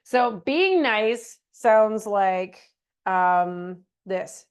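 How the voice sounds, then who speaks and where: A middle-aged woman presenting a webinar in a casual, animated teaching style, slipping into meek voices for examples. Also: mid-range voice, very slow, clean tone. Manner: animated, acts out quoted phrases in a meek voice.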